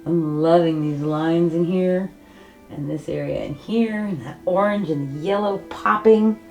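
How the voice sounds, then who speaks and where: A woman's voice: low voice, a little slow, darkish tone, soft background music. A woman hosting her art channel, chatting casually and gushing with laughs through a paint-pouring demo. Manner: bubbly, gushing, laughs often. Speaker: acrylic pour artist hosting her channel. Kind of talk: casual craft demo chat.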